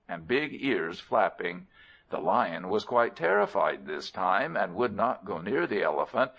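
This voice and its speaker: A man reading an audiobook story aloud in an expressive, animated way. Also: on the low side, gravelly. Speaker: audiobook narrator. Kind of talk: storybook narration. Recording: dull lo-fi recording.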